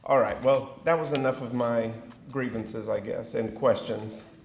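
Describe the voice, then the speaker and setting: Man, rural Texas accent, middle-aged, keynote speaker, folksy self-deprecating banter, slow unhurried delivery, echoey hall. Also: mid-range voice, fairly even intonation. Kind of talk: keynote speech with audience banter. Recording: echoey hall with faint noise.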